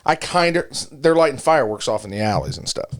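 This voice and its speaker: A man's voice: mid-range voice, expressive, fast talker. A middle-aged man on a casual podcast, telling a joking, profane story. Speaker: podcast co-host. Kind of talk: casual chat.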